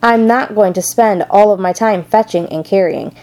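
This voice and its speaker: A woman voicing a sneering, greedy male rat in a storybook reading, in a mellow voice. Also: mid-range voice, normal speed, lightly acted.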